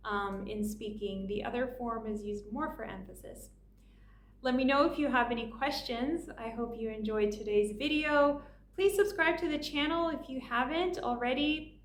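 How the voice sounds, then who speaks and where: A woman teaching a grammar lesson, explaining slowly and patiently and spelling out each example. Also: a little high. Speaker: language teacher. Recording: echoey room from a distance.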